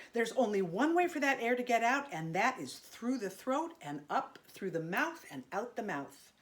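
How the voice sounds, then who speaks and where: A middle-aged woman teaching an online singing lesson, chatty and encouraging, breaking off into sung vocal exercises. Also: on the high side.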